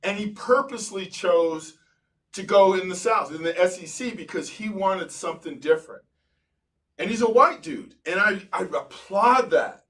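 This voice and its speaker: A man hosting a podcast as a psychologist, telling stories in an animated way and slowing to stress points. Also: high voice, far from the mic, rough recording. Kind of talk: casual interview chat.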